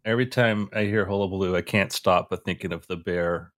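A married man on a casual podcast, thinking out loud with many fillers and restarts. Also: sits low, steady tone, brisk. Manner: rambling, hesitant, many fillers. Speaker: podcast co-host.

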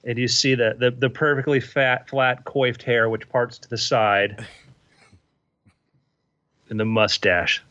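A man's voice: mid-range voice, little pitch movement, slow pace, pauses often, bright, forceful tone, no echo. A man narrating a comedic tabletop game as game master, with dry, offhand asides. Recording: dull, lo-fi podcast audio.

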